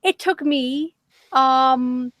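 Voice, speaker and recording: A young woman with a slightly boyish, nasal voice, co-hosting a livestream in casual chat, animated, self-mocking and swearing freely. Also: high-pitched, drawn-out words. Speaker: livestream co-host.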